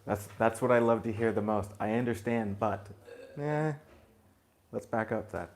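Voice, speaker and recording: A man giving a spiritual talk to a group, gentle and reflective, chuckling now and then and dropping in blunt asides. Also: on the low side, moderate pace, slight background noise. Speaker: spiritual teacher.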